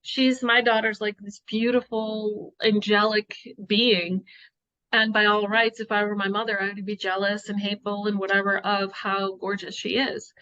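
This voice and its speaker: A woman's voice: mid-range voice, level tone, normal speed, sharp tone. Heartfelt rambling middle-aged woman, lo-fi. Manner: rambling, heartfelt, full of "you know"s. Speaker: host. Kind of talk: emotional personal conversation.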